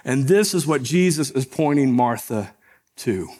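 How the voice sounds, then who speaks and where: A man preaching a sermon as a pastor. He talks conversationally, often checks in with the congregation by asking "right?", rises when he retells the story and softens when he explains it. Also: mid-range voice, animated, measured pace.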